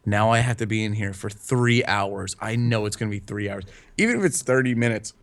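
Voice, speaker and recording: A man's voice: lowish voice, a little fast. A young man in casual chat, rambling and swearing, laughing often as he talks.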